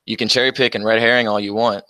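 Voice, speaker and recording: A young man with a low voice talks into a close, dry mic on his own livestream. He answers chat comments with combative, profane mockery and laughs frequently. The delivery is loose and casual, jabbing at viewers. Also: steady tone, fast, bright, forceful tone, no room sound. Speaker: livestream host.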